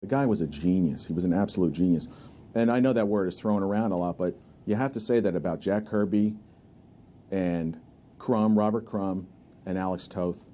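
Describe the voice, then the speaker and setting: Mellow low-voiced man telling stories. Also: normal speed, a little hiss or hum. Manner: animated anecdote-teller, admiring. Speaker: artist recalling a mentor. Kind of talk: documentary interview storytelling.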